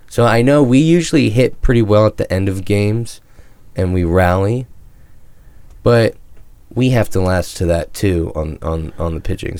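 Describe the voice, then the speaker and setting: A man's voice: deep voice, a little mellow, smooth. A young man co-hosting a sports podcast in a joking, teasing way. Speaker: podcast co-host. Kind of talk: casual sports chat.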